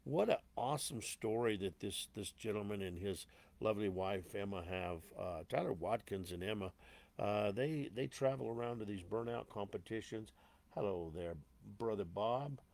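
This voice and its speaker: A man's voice: on the low side, moderate pace, gravelly, a little mellow. A man hosting a live show in a casual, rambling way, greeting viewers as if they were a stage crowd and cursing lightly as he goes. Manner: rambling, with frequent fillers and mild cursing. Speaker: host.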